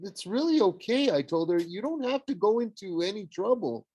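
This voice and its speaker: A man voicing an awkward, defiant teenage boy in an audiobook, flustered with quick retorts. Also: high-pitched, lively intonation, dark tone, breathy edge, voice pushed up, full character voice. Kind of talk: audiobook character voice.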